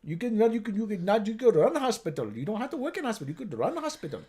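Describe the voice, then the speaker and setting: A man's voice: sits high, big pitch swings, rapid-fire, mellow, slightly rough, exaggerated voice. A man putting on an Indian accent to voice a nagging father who scolds his grown daughter over and over. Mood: scolding. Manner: mock-scolding, repetitive, exasperated.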